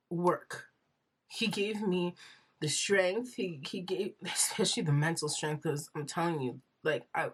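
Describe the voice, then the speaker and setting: Young woman vlogger, low husky voice, rambling and teary, lots of likes and ums. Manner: earnest and rambling, with many fillers; emotional, close to tears. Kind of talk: emotional personal story.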